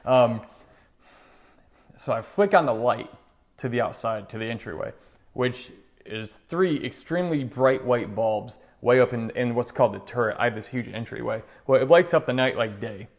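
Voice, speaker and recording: A man's voice: medium pitch, normal speed. A middle-aged man telling a personal story in an earnest, conversational way, acting out the voices in it. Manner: conversational, earnest, animated retelling with quoted voices. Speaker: motivational speaker. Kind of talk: storytelling monologue.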